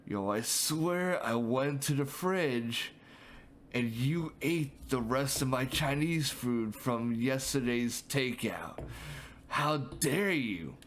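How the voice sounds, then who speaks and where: A man's voice: medium pitch, animated, slow, fairly bright tone, a little hiss or hum. A man doing an aggrieved, scolding lynx. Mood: indignant. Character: indignant adult lynx, robbed of leftovers.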